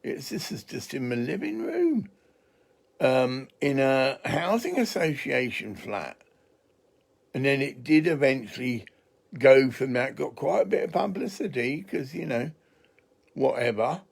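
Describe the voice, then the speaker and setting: Slow, gravelly English man rambling. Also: medium pitch, very animated. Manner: chatty, digressive, swears freely. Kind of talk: casual rambling monologue.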